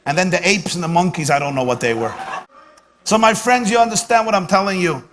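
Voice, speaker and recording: A man's voice: high voice, expressive, a little fast, a bit bright. A man, a rabbi, giving a humorous lecture at a dinner, with punchy comic timing and lines repeated for effect. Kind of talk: humorous speech with jokes and stories. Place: banquet hall at a dinner event. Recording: live hall recording with long reverb and faint room noise.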